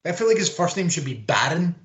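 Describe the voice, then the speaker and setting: A man's voice: fairly high pitch, big pitch swings, quick pace. A man co-hosting a casual podcast chat, ranting with plenty of swearing and mocking put-on quotes. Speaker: podcast co-host. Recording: roomy echo.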